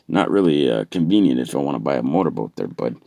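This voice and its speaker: A man with a very low, gravelly voice delivers a profane, sardonic stand-up rant. His pitch swings widely as he mocks and complains. The sound is dry and close. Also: very animated, quick pace, dark tone, dry recording. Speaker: stand-up comedian. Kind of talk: stand-up comedy monologue.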